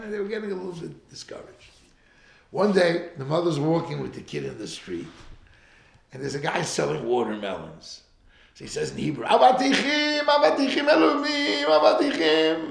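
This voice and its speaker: A middle-aged man preaching in a storytelling way, his pitch sitting a little high and swinging widely as he acts out the voices in his tale. His voice carries a gravelly fry, and the room around him gives it a noticeable echo. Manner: acts out voices in the story, laughs often, mixes in Hebrew and Yiddish terms. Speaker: rabbi giving a Torah talk. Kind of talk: animated storytelling sermon. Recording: echoey room.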